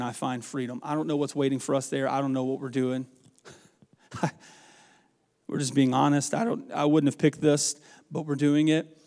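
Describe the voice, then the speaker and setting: A man's voice: on the high side, a little mellow, big-room sound. A man from the American South, preaching a farewell sermon in a church with an earnest, rambling, folksy storytelling manner. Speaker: pastor. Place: church sanctuary.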